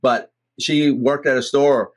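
A man's voice: medium pitch, steady tone, slow pace. A middle-aged man with a Boston accent, hosting a podcast and telling rambling stories with many restarts. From Massachusetts. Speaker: podcast host. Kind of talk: casual chat.

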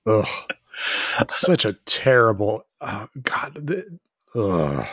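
A man's voice: on the low side, big pitch swings, takes it slowly, fairly bright tone, slightly rough, no room sound, clean studio sound. A man co-hosting a podcast, riffing with sarcastic asides and mock quotes in casual chat. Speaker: podcast co-host.

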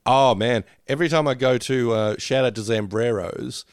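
A man's voice: mid-range voice, moderate pace, smooth, dry recording, studio quality. A man co-hosting a casual podcast, laughing often and poking fun at himself. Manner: laughs often, lively, self-deprecating. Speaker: podcast co-host.

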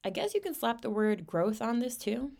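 A woman's voice: fairly high pitch, lively intonation, normal speed, vocal fry, darkish tone. A young woman hosting her own podcast, talking candidly in a casual monologue full of slang and swearing. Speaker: podcast host.

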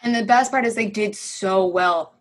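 A young woman, a podcast guest, telling stories in a lively, animated way, acting out quotes and swearing casually. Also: mid-range voice, moderate pace. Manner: animated storyteller, acts out quotes, swears freely. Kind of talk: casual conversation.

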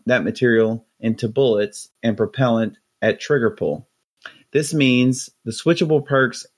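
A man's voice: on the low side, lightly acted. A man reading a listener's letter aloud in a put-on salty Boston Southie accent. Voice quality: exaggerated salty Southie drawl. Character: listener writing in, read aloud, adult man.

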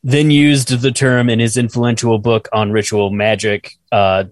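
A man's voice: mid-range voice, level tone, measured pace, hardly any pauses, no echo, studio quality. A man co-hosting a casual podcast, reading his notes aloud, stumbling over French words, swearing and laughing at himself. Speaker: podcast co-host reading research.

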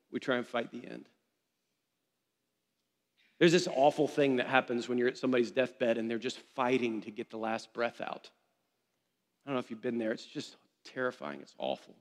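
A man preaching a sermon to his congregation, passionate and building to shouted refrains. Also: mid-range voice. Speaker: pastor. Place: church hall. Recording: long hall reverb.

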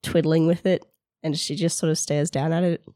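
A woman's voice: sits low, little pitch movement, moderate pace, mellow, no echo. A woman with an Australian accent chatting and describing her character at a tabletop game. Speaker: player. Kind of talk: casual table talk.

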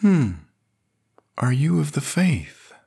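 A man voicing a kindly older male priest who speaks with gentle pastoral concern. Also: fairly high pitch, big pitch swings, takes it slowly, vocal fry, breathy edge, voice pushed up, full character voice. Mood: gently concerned. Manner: warm, soothing pastoral concern. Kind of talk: audiobook character reading.

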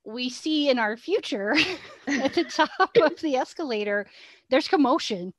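A woman, co-hosting a podcast and telling an animated story, laughing as she goes. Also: high-pitched, a little slow, no room sound. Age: 40s. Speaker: podcast co-host. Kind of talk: casual storytelling chat.

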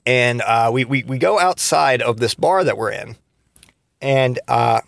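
A man's voice: medium pitch, unhurried, gravelly, a bit bright, no room sound, clean studio sound. A man in his thirties telling rambling, profane stories from his past in a casual podcast monologue, full of restarts and fillers. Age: 30s. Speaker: podcast host.

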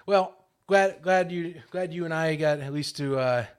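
A man's voice: a little high, measured pace, clean tone. Easygoing man laughing through banter. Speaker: podcast co-host. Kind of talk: casual chat.

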